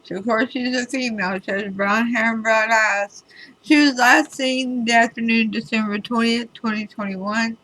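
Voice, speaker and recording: A woman's voice: a little high, fairly even intonation, normal speed, pushed and bright, low-quality recording. A woman tarot reader talking casually to her viewers, chatty and emphatic with wry asides. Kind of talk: casual spoken tarot reading video.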